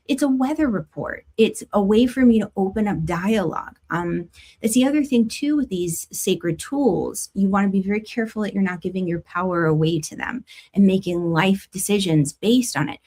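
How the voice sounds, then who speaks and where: A middle-aged woman hosting a spiritual astrology talk, chatting casually with viewers and laughing often. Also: mid-range voice. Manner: warm conversational, laughs often, lively emphasis. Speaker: astrology and tarot host.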